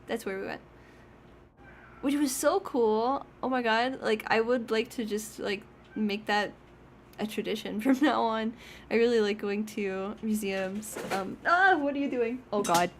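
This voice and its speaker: A woman's voice: fairly high pitch, fairly even intonation, unhurried, slight background noise. A young woman streaming, chatting casually and rambling with frequent laughs. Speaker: VTuber streamer.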